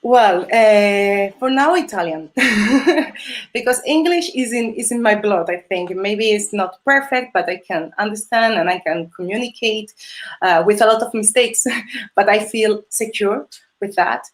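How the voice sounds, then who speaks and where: Spanish woman, non-native English speaker, hesitant and friendly, lots of fillers and laughs, mid-pitched; casual live interview. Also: measured pace. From Spain. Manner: hesitant, many fillers and restarts, frequent laughs. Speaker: Spanish teacher and holiday host. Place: video call or live stream.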